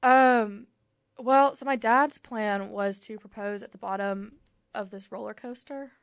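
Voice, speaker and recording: A woman's voice: a little high, steady tone, measured pace, no room sound. A young woman co-hosting a podcast, telling stories in a rambling, giggly casual chat. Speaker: podcast co-host.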